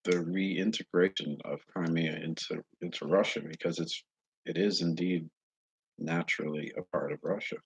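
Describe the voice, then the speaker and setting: A man talking straight to his viewers in a casual monologue, earnest and halting as he searches for words. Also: low-pitched, little pitch movement, slightly rough. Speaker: vlogger addressing viewers. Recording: dull lo-fi recording.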